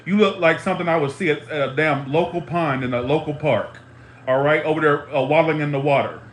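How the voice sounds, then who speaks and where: A man's voice: a little high, brisk, slight background noise. Heated profane man ranting in echoey room. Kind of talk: angry ranting monologue. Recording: roomy echo, faint ambience.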